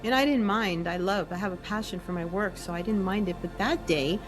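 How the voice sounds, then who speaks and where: Woman, interview guest, animated storyteller, mid pitch, faint music behind. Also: brisk. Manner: animated storyteller, acts out her own inner voice. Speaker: guest, essence maker.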